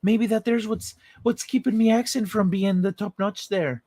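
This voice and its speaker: A man's voice: high-pitched, fairly even intonation, moderate pace, mellow, no echo, voice pushed up. A man putting on a put-on Irish accent, voicing a jolly stoned man in a hammy, sing-song way.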